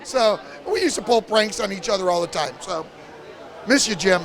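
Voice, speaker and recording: A man telling a prank story in a lively way and acting out the lines of the people in it. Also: high-pitched, moderate pace, gravelly, some chatter behind. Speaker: party guest telling a story. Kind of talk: animated storytelling.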